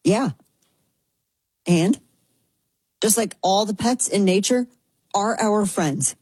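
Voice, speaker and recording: A woman's voice: mid-range voice, slow pace, darkish tone, breathy edge, no room sound, poor audio. A woman hosting a talk show in a chatty, sarcastic way, often slipping into mocking voices. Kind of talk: casual commentary.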